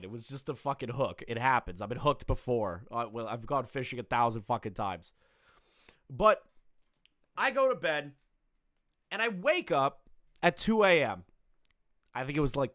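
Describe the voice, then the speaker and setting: A man hosting a casual livestream, reacting to online drama with constant swearing and jokes. His pitch jumps around a lot, and the sound is close and dry. He keeps turning to address his chat directly. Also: a bit bright, dry recording. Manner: profane, joking, talks straight to chat.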